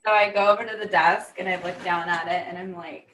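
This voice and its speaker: A woman playing a bard in a tabletop game, eager and halting. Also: fairly low pitch, steady tone, fairly bright tone, low-quality recording. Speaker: player. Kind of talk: tabletop role-play as a bard.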